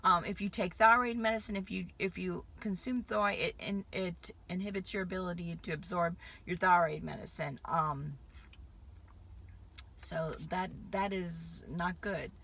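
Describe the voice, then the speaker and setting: Talking a little slowly in a lowish, creaky voice that sounds pushed and bright, a vlogger keeps her intonation fairly even. She's in her fifties, from Connecticut with a light Southern drawl, and her casual chat to camera rambles in a hyper way, hopping between thoughts.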